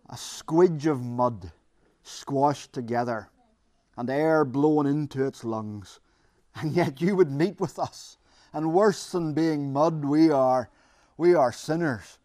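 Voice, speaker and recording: A man's voice: fairly high pitch, a little mellow, no room sound, studio quality. A man preaching and then leading an earnest, emphatic prayer for his congregation.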